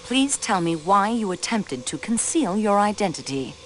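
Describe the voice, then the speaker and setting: A woman voices the player's investigator in an adventure game, a railway clerk who questions suspects politely but pointedly. Her mid-pitched voice is very lively in its melody, and a faint hiss sits under it. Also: moderate pace, natural voice, rough recording. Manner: polite, probing, with French courtesies. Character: young woman railway clerk acting as detective. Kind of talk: voice acting in a video game.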